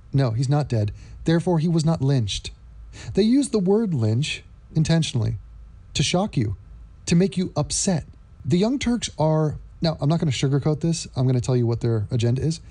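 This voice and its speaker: A man delivering a sarcastic commentary vlog. His mellow, relaxed voice sits a bit high and moves up and down a lot as he mocks his targets. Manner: sarcastic, mocking.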